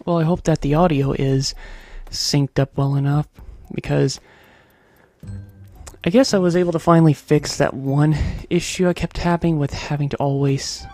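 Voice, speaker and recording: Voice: medium pitch, fairly even intonation, moderate pace, warm tone, faint music behind. A gamer giving rambling, chatty commentary over a playthrough and humming little tunes. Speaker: gameplay commentator. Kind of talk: casual gameplay commentary.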